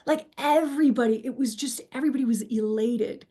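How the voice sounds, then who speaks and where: A middle-aged woman recounting a personal near-death experience in an interview, animated and acting out what people said, with frequent fillers. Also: fairly high pitch, a little fast, husky. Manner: animated storyteller, acts out quoted dialogue, frequent fillers. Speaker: guest telling her near-death experience.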